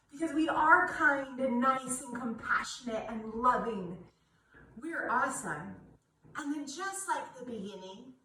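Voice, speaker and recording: A woman's voice: high voice, heavy reverb, distant mic, background noise. A woman leading a children's yoga class, playful and encouraging, laughing often as she guides the kids. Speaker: kids' yoga teacher.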